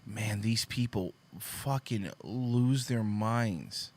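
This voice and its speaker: A man's voice: on the low side, drawn-out words. A man hosting a political commentary show, reading posts aloud and mocking them with sarcastic, profane asides. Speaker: host.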